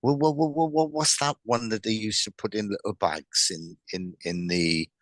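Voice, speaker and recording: Man, psychic medium, live reading, halting, repeats himself, relays spirit messages, dry sound. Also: lowish voice, a bit bright, no echo. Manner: halting, repeats words, many restarts.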